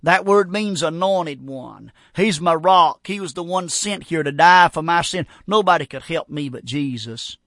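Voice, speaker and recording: A man with a Southern accent from North Carolina preaching a fervent radio sermon, repeating himself and stumbling into quick restarts. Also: fairly high pitch, fairly bright tone, dry recording, studio quality. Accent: Southern American.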